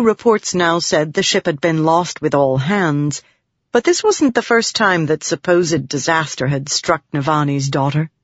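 A narrator reading fantasy fiction in a steady, measured way. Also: mid-range voice, no echo. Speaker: audiobook narrator. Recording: dull dry studio audiobook.

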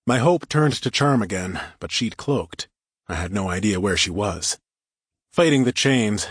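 A man narrating first-person action fiction for an audiobook, in a steady, even storytelling manner. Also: fairly low pitch, breathy edge, no echo, studio quality.

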